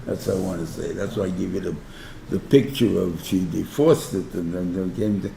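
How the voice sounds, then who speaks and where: A New rabbi giving an informal class, talking conversationally, often checking in with "right?" and using everyday examples. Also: male voice, deep voice, fairly even intonation, normal speed, vocal fry, dark tone, reverberant, a little hiss or hum. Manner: explains through everyday examples. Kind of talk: informal Torah class lecture.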